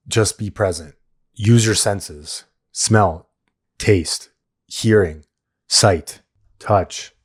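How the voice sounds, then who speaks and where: A man hosts a solo podcast about addiction recovery in a fairly low voice. He speaks candidly and plainly, with blunt swearing mixed in. He coaches his listeners and repeats the lines he wants to stick.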